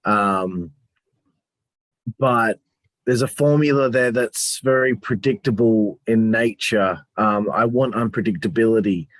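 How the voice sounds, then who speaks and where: A man with a fairly low voice co-hosts a casual review chat. He rambles and hesitates, fills the gaps with ums, and swears casually. The sound is dry and close. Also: unhurried, dry recording. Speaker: podcast co-host.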